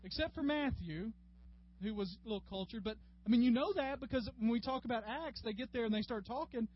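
A man's voice: extremely high pitch, a little fast. Folksy man teaching a Bible class. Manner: folksy and chatty, addressing class members by name. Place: classroom with a group. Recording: dull lo-fi room recording with faint hum.

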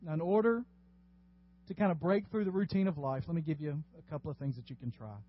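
A man's voice: on the high side, fast, highs cut off. A man preaching a sermon as pastor, earnest and exhorting. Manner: earnest, exhorting, rising to emphatic bursts.

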